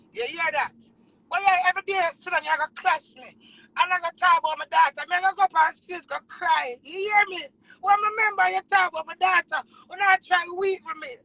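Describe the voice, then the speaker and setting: Jamaican woman going off in a rant, real high piercing voice, yelling and cussing then dropping low. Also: dry recording, poor audio. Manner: loud, swearing, emotional, switches between shouting and low muttering. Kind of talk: heated rant to camera.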